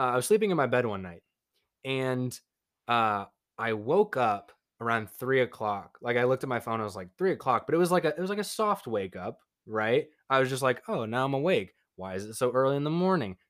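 Animated rambling young man telling a story. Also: medium pitch. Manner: animated, rambling with many fillers and voiced quotes. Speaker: podcast co-host. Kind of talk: casual storytelling chat.

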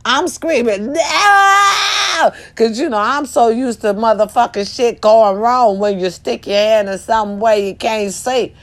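A woman's voice: fairly high pitch, a little slow, few pauses. A woman talking casually to her viewers, telling a story with profanity and sudden shrieks. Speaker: vlogger.

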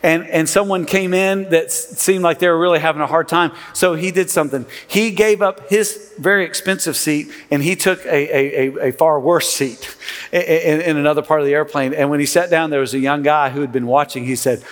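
A middle-aged man, a pastor, preaching a sermon in a conversational, animated way with sarcastic asides and frequent restarts. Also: a little high, brisk. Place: large church sanctuary. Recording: long reverb of a large church hall.

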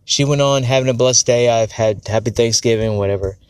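A man's voice: medium pitch, brisk, clean tone, no room sound. A man venting in a rambling, frank monologue, swearing often and correcting himself as he goes. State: on edge. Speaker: podcast host. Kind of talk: casual personal monologue.

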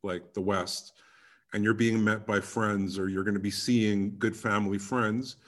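Playful teasing man, lowish voice. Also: steady tone, measured pace. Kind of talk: casual chat.

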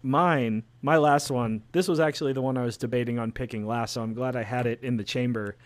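A man's voice: medium pitch, steady tone, fairly quick. A man hosting a casual podcast chat, joking and laughing often as he makes his picks. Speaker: podcast host.

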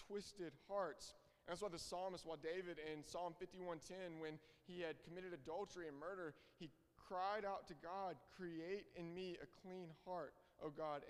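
A man's voice: high voice, smooth. A young man preaching a sermon, earnest and emphatic, repeating his key phrases. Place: church hall. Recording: reverberant hall.

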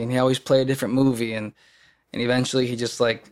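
A man's voice: mid-range voice, level tone, quick pace, a little mellow. A young man from the US Midwest, an actor talking casually as a podcast guest, rambling with many fillers and restarts. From Kenosha, Wisconsin, US Midwest. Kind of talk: casual conversation.

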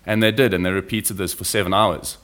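A man talking as a podcast guest, telling field stories in a relaxed, anecdotal way and dropping his voice low when he describes animals. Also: brisk. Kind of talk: casual conversational storytelling.

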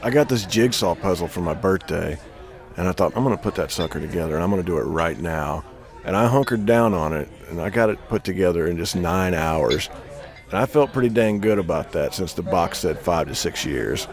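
Very deep voiced guy, deadpan joke telling. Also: brisk, soft background music, a faint crowd.

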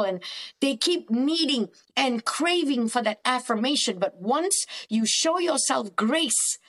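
Emphatic high-voiced woman counsellor. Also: animated, slow pace, fairly bright tone. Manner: emphatic, preachy. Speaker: therapist guest. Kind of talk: faith-based counselling talk.

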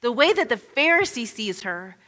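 A woman giving an expressive Bible teaching, acting out the scenes she describes. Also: on the high side, normal speed, in a large hall. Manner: expressive, acts out scenes in quoted voices.

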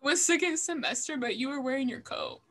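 A woman's voice: high-pitched, lively intonation, fast talker, fairly bright tone. A young woman in college chatting casually, teasing her friend and laughing constantly. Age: young adult. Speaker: podcast co-host. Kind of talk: casual chat.

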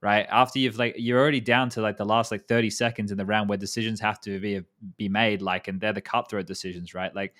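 A man's voice: lowish voice, fairly even intonation, fast talker, few pauses, fairly bright tone. A man in his thirties hosting a casual esports chat, rambling, swearing casually and restarting his sentences. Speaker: podcast host.

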